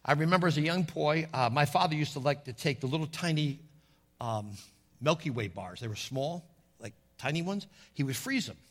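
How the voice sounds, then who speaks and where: Man, middle-aged, husky voice, homespun preaching, storytelling sermon. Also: on the high side, expressive, moderate pace. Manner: folksy storytelling, calls out "Amen?" to the congregation.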